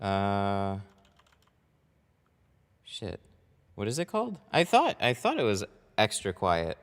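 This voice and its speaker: Low-voiced man chatting on a headset. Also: huge pitch swings, takes it slowly, smooth. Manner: chatty, loose, swears when flustered. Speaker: window tint installer streaming live. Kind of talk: casual live-stream talk while working.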